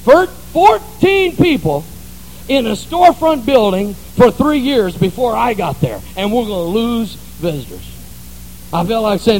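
High-voiced folksy preacher man. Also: sing-song, unhurried, darkish tone, slight background noise, poor audio. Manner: folksy storytelling. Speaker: pastor. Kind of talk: sermon.

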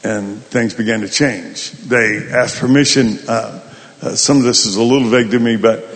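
A male pastor telling a folksy, animated story in a sermon. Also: mid-range voice, normal speed, in a large hall. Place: large hall at a summit.

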